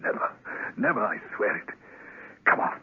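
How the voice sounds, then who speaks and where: An actor in a radio drama playing a lovesick middle-aged official who pleads breathlessly, heard on a tinny broadcast. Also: male voice, moderate pace, lightly acted.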